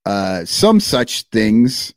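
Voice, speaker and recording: A man's voice: on the low side, drawn-out words, no echo, clean studio sound. A man co-hosting a podcast, ranting casually with lots of swearing and rambling asides. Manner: animated, profane, rambling rants. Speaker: podcast co-host. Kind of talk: casual chat.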